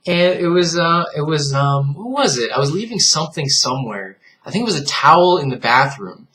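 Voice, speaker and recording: A man's voice: fairly high pitch, very animated, brisk, pushed and bright. Earnest man lecturing his viewers. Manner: earnest and reflective, lecturing the viewer with frequent direct appeals; laughs at what he finds foolish. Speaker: vlogger. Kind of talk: casual vlog monologue.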